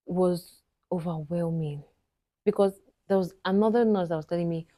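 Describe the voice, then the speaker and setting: A woman's voice: on the low side, fairly even intonation, normal speed, warm tone, dry recording. A Nigerian woman vlogger telling a personal story to camera, chatty and often talking straight to her viewers. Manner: chatty, frequently addresses viewers directly.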